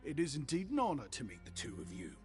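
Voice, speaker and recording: An actor with an English accent playing an eager, humble young shopkeeper with flowery, overly polite speech. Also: male voice, mid-range voice, huge pitch swings, fast, dark tone. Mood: friendly. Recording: game audio with faint music behind.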